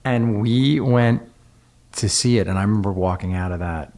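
A middle-aged man hosting an interview, talking in an earnest and halting way with many restarts. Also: lowish voice, a little mellow. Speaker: podcast host. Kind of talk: conversational interview.

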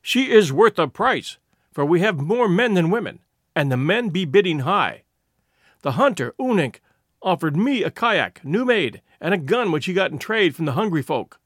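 A man voicing an aggrieved, petulant village father in a storybook reading, complaining in a drawn-out way. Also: high-pitched, a bit bright, no echo, studio quality, heavily acted.

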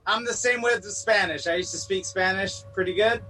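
Man, podcast co-host, joking, high pitch, bright, distant from mic. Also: a little fast. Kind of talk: casual podcast chat.

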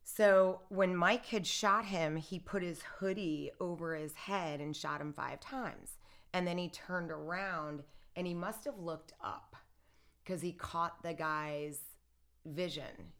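A woman's voice: on the low side, slow. A woman telling a personal story in casual conversation, acting out what others said and using lots of "like". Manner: animated retelling, acts out what others said; filler-heavy, lots of "like" and "I'm like". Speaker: interview guest.

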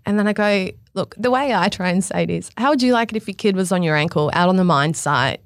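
A woman's voice: medium pitch, fast talker, no room sound, studio quality. A woman, a fashion stylist chatting casually and acting out the people in her stories. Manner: animated storyteller acting out quotes. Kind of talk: casual podcast chat.

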